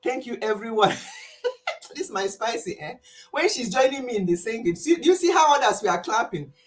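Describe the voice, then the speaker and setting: A woman hosting a live stream, greeting viewers with excitement and leading an earnest prayer. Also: a little high, fairly quick.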